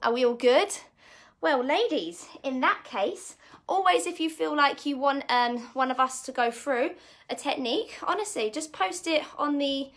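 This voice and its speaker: A woman's voice: high-pitched, animated, normal speed, fairly bright tone, roomy sound, recorded from a distance. A woman coaching a live online workout class, chatty and encouraging, a bit out of breath as she demonstrates the moves. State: slightly out of breath. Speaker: fitness coach.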